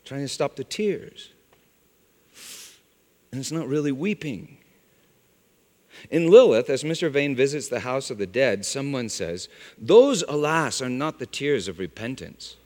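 Man, pastor, sermon, loud cries to hushed lows, long hall reverb. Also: very animated, a little slow, long pauses. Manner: swings from loud exclaiming to hushed, low delivery.

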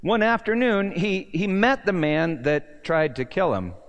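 A man preaching a sermon, telling a story with rhetorical questions and swinging from near-shouts down to hushed, low words. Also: animated, unhurried, muffled recording. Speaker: pastor.

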